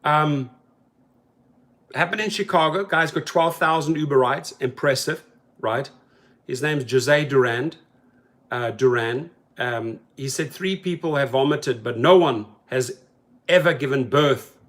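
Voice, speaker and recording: A man hosting a rideshare channel, talking casually and animatedly about a news story and acting out the people in it. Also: mid-range voice. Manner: animated, talks to viewers as "bro", acts out quotes.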